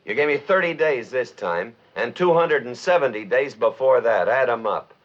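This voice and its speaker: An actor playing a surly, sardonic American drifter in jail who talks gruffly and sarcastically. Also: male voice, mid-range voice, expressive, moderate pace, lightly acted. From United States. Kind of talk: 1950s film acting. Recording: dull old film soundtrack with music.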